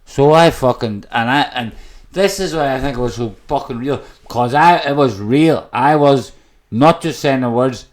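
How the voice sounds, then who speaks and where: A man's voice: mid-range voice, moderate pace. An Irish man telling his own story as a podcast guest, raw and emotional and swearing constantly. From Ireland. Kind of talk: candid personal storytelling. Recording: echoey room.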